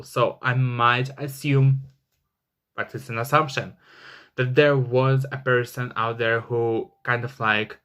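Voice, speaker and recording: A man's voice: mid-range voice, a bit bright. A man giving a casual tarot reading, rambling with many fillers and flaring into angry swearing. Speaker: tarot reader.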